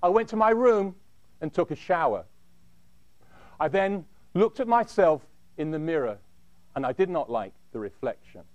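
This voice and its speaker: Recorded close and dry with no room echo and the highs cut off, a man narrates a dramatic first-person tale. His high voice swoops widely in a sing-song way, and his measured phrases each trail off low and quiet.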